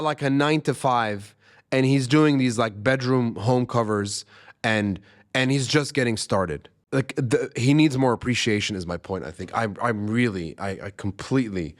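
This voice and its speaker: A young man, hosting a music reaction channel and giving casual, emphatic commentary that repeats its points. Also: mid-range voice. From Arab world. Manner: excited, emphatic, repeats himself.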